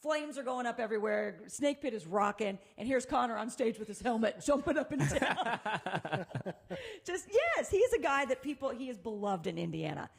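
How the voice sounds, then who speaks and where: A middle-aged woman co-hosting a casual chat, telling lively stories and laughing often. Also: on the high side, normal speed, vocal fry, slightly rough. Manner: animated storyteller, laughs often. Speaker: co-host.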